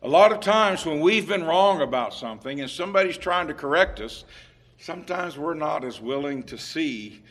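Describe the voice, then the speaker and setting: A man preaching a sermon, unhurried with occasional fillers, growing emphatic and louder on key points. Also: on the high side, expressive. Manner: emphatic, rising in volume on scripture quotes.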